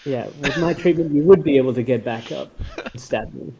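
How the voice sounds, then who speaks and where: A man's voice: medium pitch, a little fast, crowd noise, rough recording. Joking male tabletop player. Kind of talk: casual tabletop chat.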